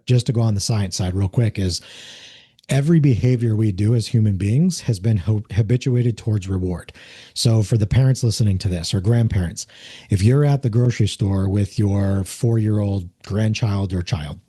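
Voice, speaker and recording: A man's voice: on the low side, mellow, husky. A man, a former police officer, explaining things earnestly in a conversational interview and acting out the voices of the people he quotes. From United States.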